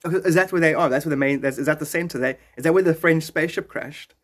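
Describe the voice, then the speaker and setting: Husky-voiced man rambling on a livestream. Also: fairly high pitch, fast talker. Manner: rambling, joking, chuckling often. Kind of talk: casual livestream chat.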